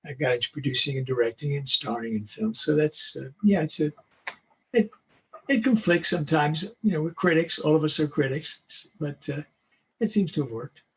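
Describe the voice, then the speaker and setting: An older male voice actor telling animated anecdotes in an interview, acting out the voices of the people he quotes. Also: fairly high pitch, moderate pace, breathy edge. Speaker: guest voice actor. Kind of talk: storytelling interview.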